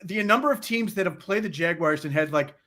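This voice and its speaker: Male podcast co-host, slightly high voice, excitable and stammering, casual sports banter. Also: fairly quick. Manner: animated, incredulous, stammering restarts.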